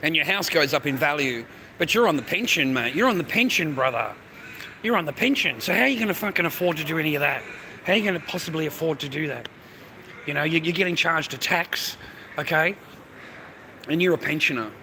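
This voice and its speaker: Rambling, profane Australian bloke. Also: male voice, fairly high pitch, lively intonation, brisk, sharp tone, slight background noise. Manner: rambling, profane, laddish, addresses viewer directly. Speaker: live streamer. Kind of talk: rambling casual livestream chat. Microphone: phone held while talking.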